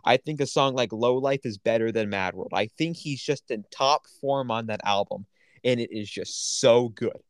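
A man talking on a podcast in a relaxed, chatty way, keen and full of opinions. His voice sits at an average pitch and sounds close and completely dry, with no room around it. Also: normal speed, no room sound. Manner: enthusiastic, opinionated, lots of fillers. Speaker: podcast co-host. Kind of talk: casual chat.

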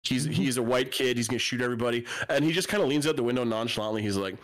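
A man's voice: medium pitch, rapid-fire, few pauses, fairly bright tone. A man from Canada telling a rambling, profane anecdote in casual podcast chat, laughing as he goes. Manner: profane, rambling, laughs through his story. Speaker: podcast co-host.

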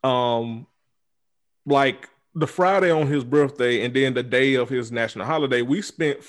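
A man's voice: medium pitch, moderate pace. A man hosting a podcast, speaking in a heated, profane, repetitive casual rant. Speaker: podcast host. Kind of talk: casual chat.

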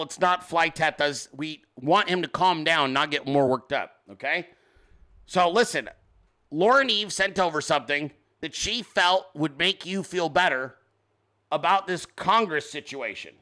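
A man's voice: fairly high pitch, expressive, unhurried, sharp tone. A male host on a live political commentary stream, joking around and cursing freely. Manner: crude, profane, joking.

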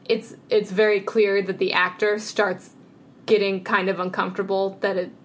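A woman's voice: medium pitch, flat delivery. Chatty woman podcast co-host. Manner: chatty, filler-heavy, talks in quick bursts. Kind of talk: casual chat.

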